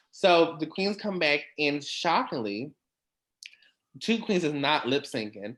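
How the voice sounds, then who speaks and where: A man hosting a casual recap chat, talking in a chatty, animated way with quick asides and laughs. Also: on the high side. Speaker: podcast host.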